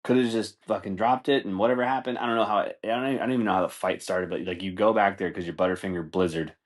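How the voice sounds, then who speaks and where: A man's voice: fairly low pitch, fairly even intonation, quick pace. A man hosting a podcast, telling fight stories in a casual, profane, rambling way with frequent laughter. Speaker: podcast host. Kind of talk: casual comedic commentary.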